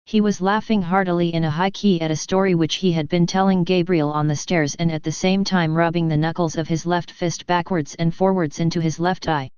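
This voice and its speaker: Crisp, low-voiced woman narrator. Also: fairly even intonation, fairly quick, few pauses, a little mellow, no room sound. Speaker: audiobook narrator. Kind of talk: scripted narration. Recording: slightly muffled recording.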